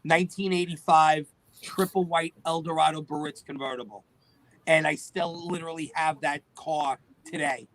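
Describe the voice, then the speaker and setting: A middle-aged man, a guest telling lively stories and acting out the dialogue. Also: on the high side, normal speed, no echo, poor audio. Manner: animated storyteller acting out quoted dialogue. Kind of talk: storytelling interview.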